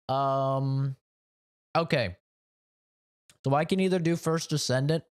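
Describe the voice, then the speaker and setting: A man's voice: medium pitch, clean tone. A man live streaming video games, chatting casually in a rambling, profane way. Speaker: game streamer.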